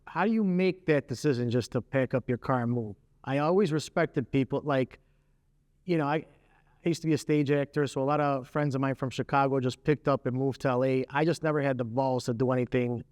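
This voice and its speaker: A man's voice: mid-range voice, brisk, a little mellow, no room sound, studio quality, big-room sound. A man hosting an interview, asking earnest, probing questions and fumbling for words as he thinks. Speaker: host. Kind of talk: conversational interview.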